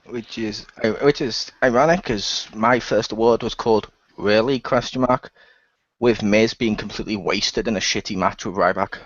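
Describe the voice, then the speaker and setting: A man's voice: lowish voice, normal speed, no room sound. A man in a casual podcast chat, dry and exasperated. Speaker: podcast co-host. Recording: dull lo-fi dry sound.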